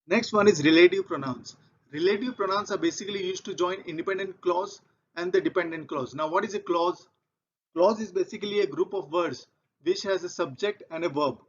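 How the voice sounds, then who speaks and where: Man explaining grammar, fairly high, dull-sounding. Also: brisk, slightly rough. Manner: repetitive, methodical explaining with example sentences. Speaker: English grammar teacher. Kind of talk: explaining grammar over slides. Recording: dull lo-fi recording.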